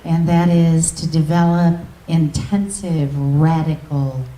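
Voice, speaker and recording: A woman minister telling an emotional testimony in a storytelling manner, often dropping to a soft, near-whispered voice. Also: low voice, fairly even intonation, slow. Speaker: guest minister. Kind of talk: testimony preaching. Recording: echoey hall, distant mic.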